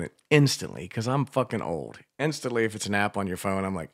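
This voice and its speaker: A man in his sixties talks on morning radio with a fairly low voice. He tells long, rambling stories laced with profanity and quick self-mocking laughs. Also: expressive, gravelly, dry recording, studio quality. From Washington, D.C. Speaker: radio co-host. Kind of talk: casual radio banter.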